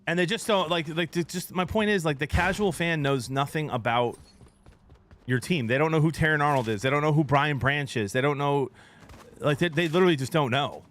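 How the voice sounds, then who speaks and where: Animated, worked-up male streamer. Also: on the high side, a little fast, slight background noise. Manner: animated, gets worked up arguing sports; talks to chat between gameplay. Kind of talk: casual livestream chat.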